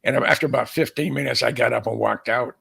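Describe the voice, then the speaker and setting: Older guy, really gravelly and a bit husky, rambling chatty storyteller. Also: mid-range voice, fast, fairly bright tone. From San Francisco Bay Area. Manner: rambling storyteller with many restarts. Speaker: co-host, aviation author. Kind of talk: casual chat.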